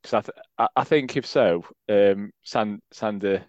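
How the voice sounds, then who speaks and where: A man's voice: lowish voice, unhurried, no echo. Guy in his 30s, chatty podcast cohost, laughs a lot, bit muffled dry sound. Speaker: podcast co-host. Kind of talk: casual chat.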